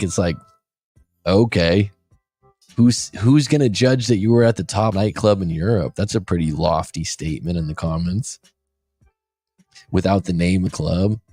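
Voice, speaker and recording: A man's voice: low voice, normal speed, pauses often, mellow, faint music behind. A man in his forties, a life coach hosting a show, talking casually and bluntly, swearing freely. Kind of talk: casual podcast talk.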